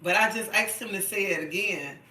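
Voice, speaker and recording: Woman, middle-aged, chatty live-streamer, bright and emphatic, repeats points, distant echoey phone sound. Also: medium pitch, a little fast. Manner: chatty and emphatic, repeats herself, keeps asking "okay?". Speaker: livestream host. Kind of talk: casual live-stream chat.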